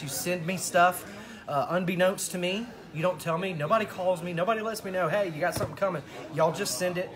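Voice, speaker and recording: An excited man hosts a live show, talking fast and animated. His voice sits a little high, with people chattering in the background. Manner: excited, animated promo talk. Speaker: show host. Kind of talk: casual live show chat.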